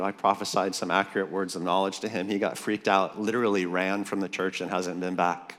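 A man's voice: deep voice, flat delivery, brisk, hardly any pauses, a bit bright. A man preaching a sermon to a conference crowd, emphatic and jokey, calling out for amens. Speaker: pastor speaking at a leaders' conference. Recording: long reverb of a large hall.

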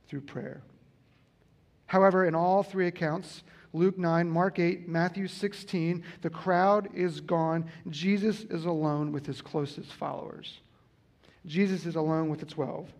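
A man with a high voice preaching a sermon. He speaks earnestly and repeats his key lines to drive them home. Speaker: pastor.

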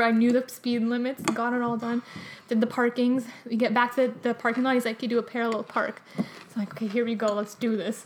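A young woman telling a story in casual chat, animated and full of "like" and laughter. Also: a little high.

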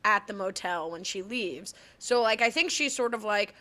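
Young woman, podcast co-host, bright tone, quick and laughing, casual movie chat. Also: medium pitch. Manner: quick, laughing, jumps in often.

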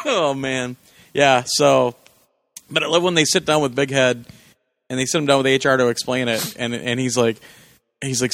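A man co-hosting a podcast, chatting casually and laughing often as he retells TV scenes with excitement. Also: mid-range voice, normal speed, dry recording. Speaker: podcast co-host. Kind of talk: casual chat about TV.

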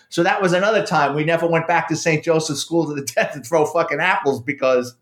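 A middle-aged man, a former police officer and author, telling a profane, animated story in casual conversation. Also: on the high side, fast talker, hardly any pauses. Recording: roomy echo.

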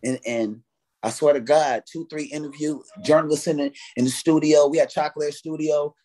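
A man's voice: on the high side, steady tone, normal speed, warm tone. A man, a guest artist telling stories in a casual interview, swearing freely and acting out his own past reactions. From United States.

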